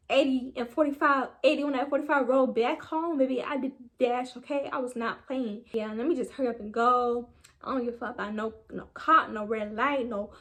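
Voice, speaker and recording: Slangy young woman telling a story. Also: a little high. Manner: animated, slangy, talks straight to viewers. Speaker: vlogger. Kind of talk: storytime vlog.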